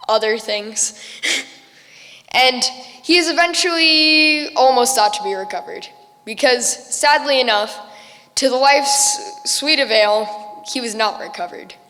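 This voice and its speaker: A young woman telling a story at a school festival in a casual, chatty way, now and then giggling at her own lines. Her voice sits fairly high and carries a long hall reverb, as if from an auditorium stage. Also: fairly bright tone. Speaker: student storyteller.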